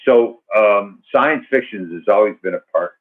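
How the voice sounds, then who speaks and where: A man's voice: fairly low pitch, normal speed. An older man answering student questions in a loose, rambling way, full of fillers and restarts, over a call. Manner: rambling and verbose, many fillers. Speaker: guest actor. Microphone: video call. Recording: tinny phone-like video call audio.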